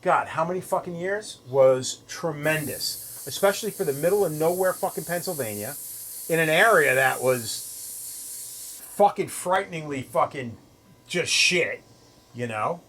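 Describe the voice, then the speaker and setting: A middle-aged man hosting a casual chat, telling stories in a profane, animated way and acting out what people said. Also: a little high, a little slow, a little hiss or hum, rough recording. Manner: profane, animated storyteller acting out quoted lines. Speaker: host, tattoo artist.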